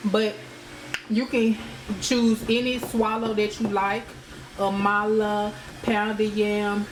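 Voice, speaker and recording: Chatty woman in an echoey kitchen. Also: mid-range voice. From United States. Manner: chatty, addresses viewers as y'all. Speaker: cooking vlogger. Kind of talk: casual cooking vlog. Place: home kitchen. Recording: echoey kitchen with background noise.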